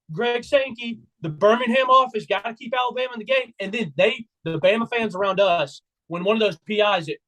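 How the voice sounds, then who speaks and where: Excitable high-voiced man telling stories. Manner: excitable storyteller, acts out his own trash talk. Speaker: podcast co-host. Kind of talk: casual sports chat.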